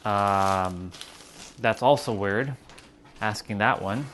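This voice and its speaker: A man's voice: lowish voice, slow, a bit bright, a little hiss or hum. A man hosting a livestream, talking casually and reflectively to his chat about spiritual ideas while cooking in his kitchen, with fillers and restarts. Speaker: livestream host. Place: home kitchen.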